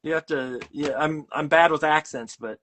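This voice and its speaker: A man's voice: a little high, moderate pace, fairly bright tone, a little hiss or hum. A middle-aged man hosting a casual chat while making art, talking in a rambling, self-deprecating way with lots of fillers and restarts. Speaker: host.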